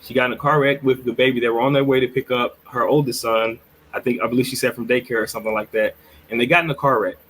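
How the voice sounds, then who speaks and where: A man's voice: medium pitch, steady tone, fast, a bit bright, slight background noise, low-quality recording. A man co-hosting a podcast, telling a story in a rambling, earnest way full of restarts. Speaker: podcast co-host. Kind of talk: casual storytelling chat.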